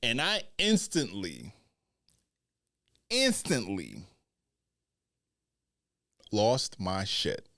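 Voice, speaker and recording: A man hosting a wrestling podcast in a loose, unscripted way. He talks slowly and deliberately, but his pitch swings widely as he leans into words. The sound is dry and close, with blunt language and heavy emphasis. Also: huge pitch swings, pushed and bright, no room sound. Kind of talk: casual commentary.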